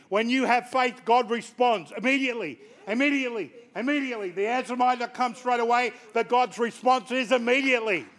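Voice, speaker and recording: A pastor preaching a lively sermon in church, calling out members of the congregation by name. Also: male voice, extremely high pitch. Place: church sanctuary.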